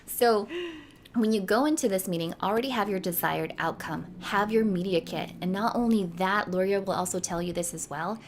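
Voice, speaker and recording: A woman guest speaking about brand partnerships in a casual livestream interview over a video call. She talks in an animated, emphatic way. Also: medium pitch, moderate pace, slight background noise. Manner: animated and emphatic, acts out quotes.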